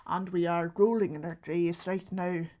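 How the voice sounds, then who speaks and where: A woman putting on a stern, disappointed old Irish great-grandfather with an Ulster accent, speaking in a tight-mouthed monotone. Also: on the low side, moderate pace, voice pushed down, natural voice. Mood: scolding. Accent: Ulster Irish, put on.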